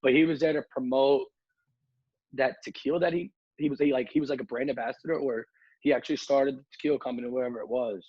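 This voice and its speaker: A husky-voiced man who promotes nightlife spins an animated anecdote, acting out every quote. He talks loosely with plenty of fillers. The sound is dry and a little dull. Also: mid-range voice, fast talker, no echo. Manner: animated storyteller, acts out quotes, many fillers like "like". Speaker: nightlife promoter and podcast guest. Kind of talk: casual podcast storytelling.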